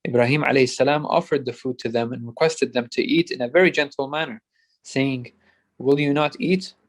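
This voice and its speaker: Man, steady reader, numbered points, measured delivery. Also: mid-range voice. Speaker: student reader. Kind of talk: reading a translated commentary aloud.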